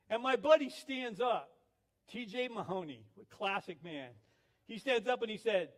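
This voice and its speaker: A man's voice: extremely high pitch, expressive, normal speed. A male pastor giving a sermon, telling stories with acted quotes. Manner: storytelling with laughs, acted quotes.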